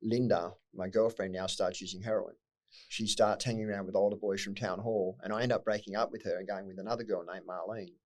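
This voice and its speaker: A middle-aged Australian man with a fairly low voice, talking quickly and bluntly. He swears freely as he recounts hard memories, and emotion breaks through now and then. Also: steady tone. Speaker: podcast guest. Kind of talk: candid personal storytelling.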